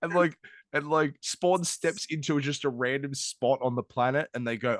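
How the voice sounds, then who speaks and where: Male podcast co-host, mid-pitched, dry close mic, sarcastic and laughing. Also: steady tone, moderate pace, fairly bright tone, no room sound. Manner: laughing, sarcastic retelling with mocking put-on quotes. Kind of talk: casual chat.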